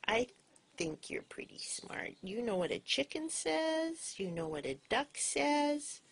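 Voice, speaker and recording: A woman talking affectionately to her pet bird at home, coaxing and sing-song, sometimes dropping to a soft whisper. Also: sits high, sing-song, slow, vocal fry, husky. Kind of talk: affectionate baby talk to a pet.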